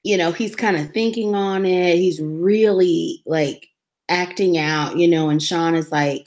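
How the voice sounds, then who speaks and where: A woman co-hosts a casual talk podcast about a TV show. She retells the episode with energy and jumps into the characters' lines as she goes, in a slightly low voice. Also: steady tone, measured pace, a little mellow. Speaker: podcast co-host recapping a TV episode. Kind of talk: casual chat.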